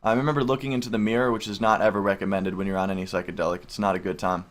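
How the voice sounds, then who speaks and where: A man's voice: sits low, level tone, rapid-fire. A young adult man casually telling a personal story to camera, rambling and full of filler words, with casual swearing. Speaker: vlogger.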